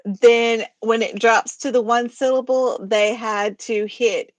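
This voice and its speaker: A woman's voice: fairly high pitch, fairly even intonation, slow, no echo. A woman from East Texas with an East Texas accent, co-hosting a live poetry stream in casual chat and laughing often. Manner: laughs often, explains rules plainly. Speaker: poetry society co-host.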